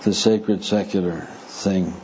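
A man delivers a sermon at a slow, measured pace. His voice sits low and warm, and he speaks deliberately with touches of dry humor. The recording is slightly muffled, with a faint hiss underneath. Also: fairly even intonation. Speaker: preacher. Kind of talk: sermon with audience discussion.

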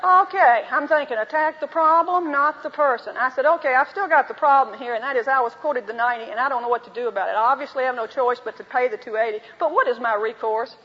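Woman teacher, high voice, story-driven delivery playing each part herself; muffled old recording in a big echoing hall. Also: quick pace, hardly any pauses, breathy edge. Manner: storytelling, acts out both sides of dialogues. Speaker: women's Bible teacher. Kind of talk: teaching talk to a women's group with anecdotes. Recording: dull lo-fi recording in a reverberant hall.

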